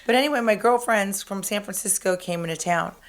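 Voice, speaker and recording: A woman's voice: medium pitch, brisk. A woman co-hosting a casual talk show, rambling through stories while losing her voice. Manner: rambling, chatty, restarts stories. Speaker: show co-host. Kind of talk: casual chat.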